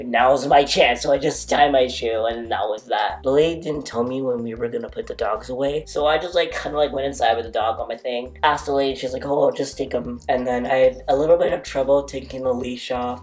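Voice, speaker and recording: A man's voice: medium pitch, fast talker, a little mellow. A man telling a rambling storytime in a casual, self-mocking way, full of "like" fillers and sudden dramatic exclamations. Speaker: vlogger.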